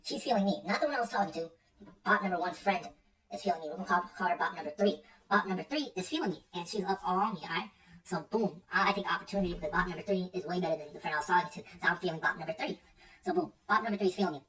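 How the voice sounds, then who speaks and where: The young man, a streamer, has a high, fairly bright voice and races along. His casual, rambling story is full of slang and swearing and keeps repeating itself, captured from a distant mic with faint music behind.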